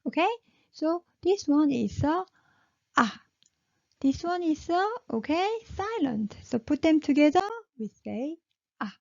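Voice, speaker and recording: Woman teacher, slow and gravelly, patient drills, dry muffled lo-fi audio. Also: high voice, lively intonation, mellow, dry recording. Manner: patient, repeats syllables several times and checks in with "okay?". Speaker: Korean language teacher. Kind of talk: slow spoken lesson with repeated drills. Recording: dull, muffled lo-fi sound.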